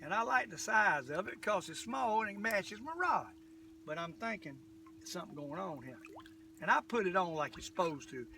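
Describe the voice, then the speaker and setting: A man's voice: high voice, lively intonation, moderate pace, sharp tone. An older man, chatting casually while fishing from a boat. He rambles in a folksy way and calls himself the old fisherman. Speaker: fishing vlogger. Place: on a boat outdoors. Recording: distant camera mic, faint background noise.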